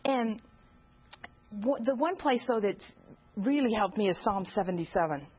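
A woman's voice: mid-range voice, lively intonation, normal speed, slightly rough, highs cut off. A woman giving an informal teaching talk at a church gathering, earnestly asking the listeners direct questions.

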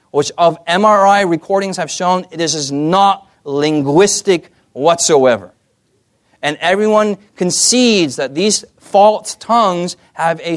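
Guy preaching a sermon, kinda high voice, keeps tossing questions at the crowd. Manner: animated, asks the audience questions.

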